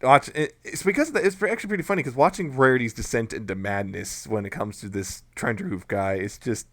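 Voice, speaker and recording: Male co-host, mid pitch, dry close sound, honest and a bit hedging. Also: fast talker, a bit bright, dry recording. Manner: frank, hedging opinions. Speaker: podcast co-host. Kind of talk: casual chat.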